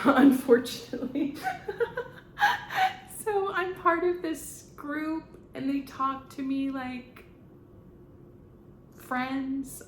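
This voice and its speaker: A woman in her fifties, a medium, talking in a rambling, halting way with frequent fillers and laughter. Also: on the high side. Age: 50s. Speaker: spiritual medium. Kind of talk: casual channeling monologue. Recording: echoey room with faint background noise.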